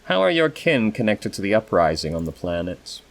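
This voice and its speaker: A man's voice: on the low side, sing-song, gravelly. A man reading a grave, sorrowful elf woman. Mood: stern. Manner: solemn, measured reading with stumbles on names. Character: grave, sorrowful female elf of an ancient dying race. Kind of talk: reading game dialogue aloud.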